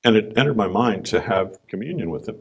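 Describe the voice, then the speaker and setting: Sharing his personal testimony at a conference, a business owner with a low voice tells his story conversationally, often clearing his throat.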